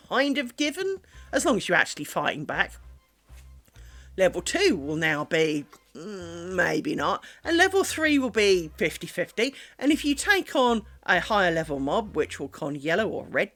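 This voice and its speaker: A woman's voice: medium pitch, fairly bright tone. A woman live-streaming at home, chatting casually and wryly on a desk mic, teasing herself and talking to her pets. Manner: chatty, wry, self-deprecating, talks to her pets. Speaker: craft streamer. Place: home craft room. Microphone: desk microphone.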